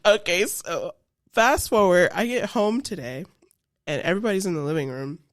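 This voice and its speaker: A woman co-hosting a podcast, telling a funny family story in a casual, animated way and laughing as she goes. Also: on the low side, moderate pace, no echo, studio quality. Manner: animated, laughing, acts out family members' voices. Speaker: podcast co-host.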